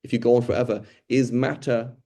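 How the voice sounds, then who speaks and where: A man in middle age teaches an informal class on religious study in a conversational way, pausing to restart phrases and checking in with his listeners. His voice is mellow and dark, with a middle pitch. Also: little pitch movement. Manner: conversational, thinks aloud with frequent "right?" and restarts. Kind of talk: informal lecture on Quran study.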